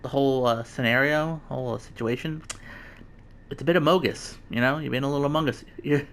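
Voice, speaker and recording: A man's voice: mid-range voice, fairly quick, fairly bright tone, slight background noise. A man doing casual, jokey gameplay commentary as a let's play host, rambling with many stammered restarts. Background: game music.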